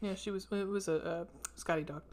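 A woman's voice: medium pitch, steady tone, fairly quick, darkish tone. A young woman co-hosting a casual podcast chat about a horror film, rambling with many fillers and casual swearing. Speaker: podcast co-host.

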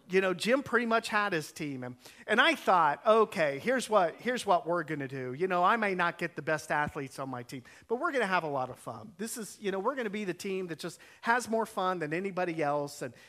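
A man preaching a sermon as a pastor, telling a story with lively quoted dialogue, his voice rising and falling as he acts out each part. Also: high-pitched. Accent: Ohio. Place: church sanctuary.

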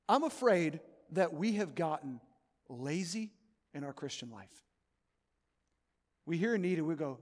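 A man preaching a sermon as pastor of his church, earnest, moving between loud urging and soft, hushed pleading. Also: on the high side, sing-song, measured pace, pauses often, long reverb tail. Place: church sanctuary.

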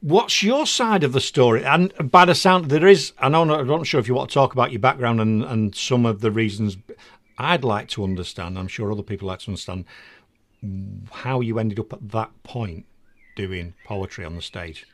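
A man's voice: mid-range voice, normal speed, a bit bright, no echo. A man hosting a casual interview, chatty and enthusiastic, often repeating words. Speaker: podcast host.

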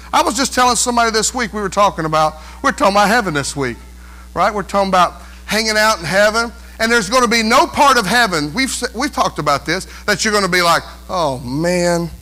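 Male pastor, high voice, preaching a lively sermon, often drops into mocking whiny impressions. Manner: animated preaching, mimics whiny voices, calls for amens.

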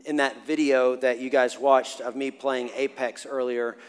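A man's voice: medium pitch, a little slow, clear, resonant tone. Preaching man in a reverberant hall. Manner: animated, swings from hushed to loud laughing. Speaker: pastor. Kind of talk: sermon with a personal story. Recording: long hall reverb with faint music.

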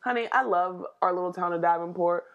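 A young woman from the United States co-hosting a podcast, chatting casually, loud and playful, with a lot of swearing. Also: lowish voice, fairly quick, dull audio. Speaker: podcast co-host. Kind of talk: casual chat.

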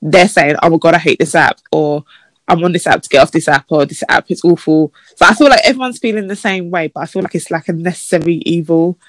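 A woman's voice: fast, dry recording. A woman, chatting on a podcast and telling stories, acting out messages in a mocking voice. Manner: chatty and storytelling, acts out messages in a mocking high voice. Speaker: podcast co-host. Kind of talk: casual chat.

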